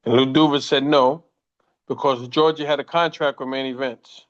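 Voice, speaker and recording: A man in his sixties, a former boxer, telling profane, animated stories in a casual interview and quoting people as he goes. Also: mid-range voice, normal speed. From United States. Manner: profane, animated anecdotes with quoted voices. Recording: muffled lo-fi audio.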